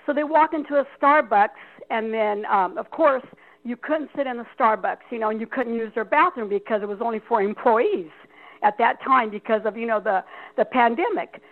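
A woman calling in to a radio show, telling a story in a chatty, rambling way with quick laughs. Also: a little high, lively intonation. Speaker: caller. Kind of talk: phone-in radio call. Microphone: telephone. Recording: tinny phone line.

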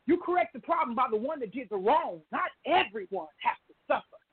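A woman's voice: sits high, animated, fairly quick, slightly rough, no room sound. Impassioned woman caller on a phone line. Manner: impassioned, preaching cadence. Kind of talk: emotional call-in talk.

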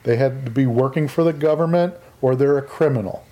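A man's voice: mid-range voice, brisk, dark tone. A man co-hosting a casual chat, giving wry, firm opinions.

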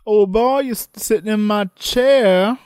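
A man's voice: high-pitched, a little slow, darkish tone, clean tone, no echo, studio quality, pitched above the performer's own voice. A man voicing a blustery, cranky older male lawyer, indignant and bluff, in a raised voice well above his own.

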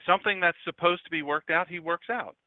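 A man's voice: high voice, brisk, dry recording. Middle-aged man, pastor, chatty radio sermon full of joking asides, dry and tinny phone-like sound. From Delaware, USA.

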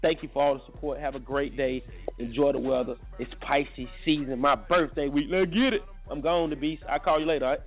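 A man's voice: medium pitch, fairly even intonation, a little fast. A man hosting a casual morning talk show, laid-back, often repeating himself as he talks. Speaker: host. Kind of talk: casual chat. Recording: tinny phone line, faint music behind.

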